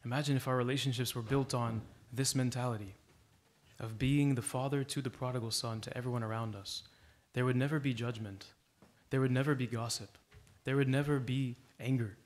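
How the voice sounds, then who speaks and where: A man's voice: mid-range voice, steady tone, fairly quick. Earnest man preaching a sermon. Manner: earnest, exhorting, storytelling. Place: church.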